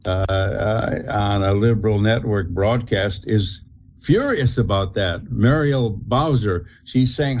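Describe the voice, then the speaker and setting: A man giving opinionated commentary on a radio talk show, halting and full of fillers. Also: on the low side, darkish tone, dull audio. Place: radio studio.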